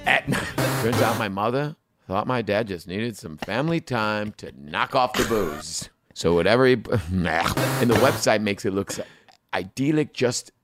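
A man's voice: on the low side, lively intonation, measured pace, noisy background. A man co-hosting a podcast, chatting casually and crudely, often laughing and breaking into silly bits. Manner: jokey, crude, bursts into laughs and silly singing. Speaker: podcast co-host. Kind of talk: casual comedic chat.

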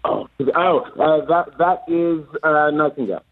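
A man's voice: fairly high pitch, lively intonation, measured pace, no echo. A man guest in a casual interview, stalling with fillers before he answers. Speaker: actor guest. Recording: dull lo-fi dry audio.

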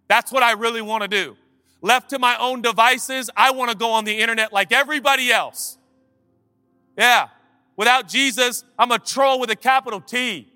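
A man preaching a sermon as pastor, swinging between loud impassioned calls and quiet conversational asides. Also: very high-pitched, dry recording, studio quality, in a large hall.

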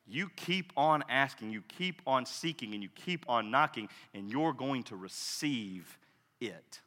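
A man preaching a sermon with passion, swinging between loud declarations and hushed, intense asides. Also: medium pitch, animated, unhurried. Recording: long hall reverb.

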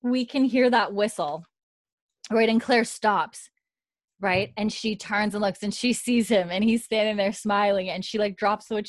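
A chatty woman walking through an episode's scenes, full of fillers and casual swearing. Her voice sits mid-pitch, recorded close and very dry. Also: a little slow, dry recording. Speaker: podcast co-host.

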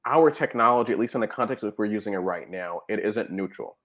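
Low-voiced man explaining in conversation. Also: fast, a bit bright. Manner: explanatory, frequent "right?" and "you know". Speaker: guest expert on technology habits. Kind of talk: conversational interview talk.

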